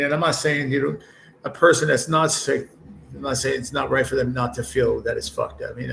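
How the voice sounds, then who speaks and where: Ill with stage four cancer, a man in his late forties hosts a casual livestream from a hospital room, rambling bluntly and swearing heavily. His mid-range voice has vocal fry and a slightly bright tone, and the poor audio carries a little hiss or hum.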